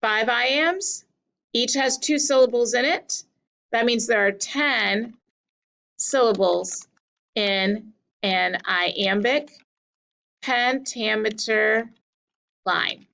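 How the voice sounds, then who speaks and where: A woman teacher explaining a lesson step by step, slowly and deliberately, stretching out key words as she writes. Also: a little high, vocal fry, a bit bright, rough recording. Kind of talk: classroom lesson at a whiteboard.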